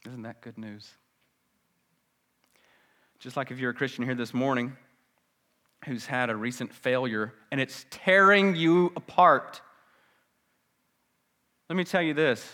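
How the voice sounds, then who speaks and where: A male pastor giving a sermon in a church, swinging from biting sarcasm to hushed, earnest appeals. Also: medium pitch. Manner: sarcastic, then dramatic with wide swings between loud and hushed.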